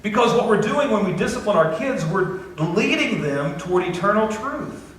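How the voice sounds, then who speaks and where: A man's voice: sits high, expressive, normal speed, fairly bright tone, slight background noise. A middle-aged man preaching a conversational sermon as pastor, with folksy, self-deprecating asides. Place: church sanctuary. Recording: echoey church recording from a distance.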